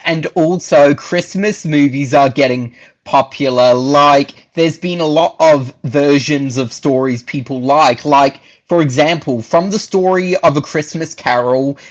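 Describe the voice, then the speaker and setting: Casual male guest, jokey and rambling, somewhat high voice, muffled lo-fi sound. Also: unhurried, hardly any pauses. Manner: rambling, jokey, repeats himself. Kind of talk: casual chat.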